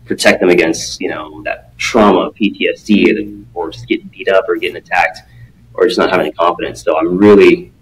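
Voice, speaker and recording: A man talking as a guest in a casual podcast interview, a martial arts coach who speaks earnestly and acts out quotes in an animated way. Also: low-pitched, slight background noise, poor audio.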